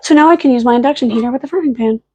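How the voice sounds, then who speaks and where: A woman's voice: a little high, racing, darkish tone. A young woman vlogging at home late at night, rambling casually, swearing now and then and cooing at her dogs. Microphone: camera on a fixed stand.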